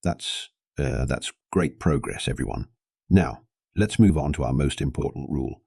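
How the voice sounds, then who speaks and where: A man with a very deep voice voicing a weary, patient human man teaching a group of aliens in an audio story. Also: normal speed, vocal fry, a little mellow, slightly rough, no room sound, clean studio sound, exaggerated voice. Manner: patient, long-suffering.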